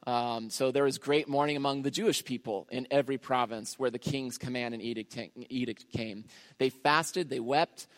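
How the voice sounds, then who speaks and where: A male pastor delivers a Bible sermon in a relaxed, conversational way, often pausing on fillers and restarting his sentences. His voice sits at an ordinary middle pitch, and the recording carries the long reverb of a church hall.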